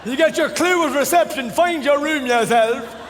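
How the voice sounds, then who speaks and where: An Irish man doing a stand-up comedy set, loud and profane, often breaking into shouts. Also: extremely high pitch, moderate pace, a little hiss or hum. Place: live comedy venue. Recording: live room with long reverb, loud crowd.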